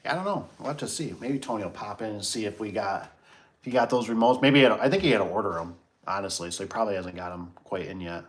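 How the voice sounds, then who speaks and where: A man's voice: fairly low pitch, fast talker. A middle-aged man hosting a casual livestream, telling a story and reading chat comments, acting out his own reactions.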